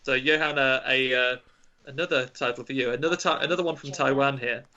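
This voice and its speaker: A man's voice: mid-range voice, steady tone, brisk, pushed and bright, highs cut off. A man running a casual podcast quiz, reading out clues in a playful, teasing way. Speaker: quizmaster.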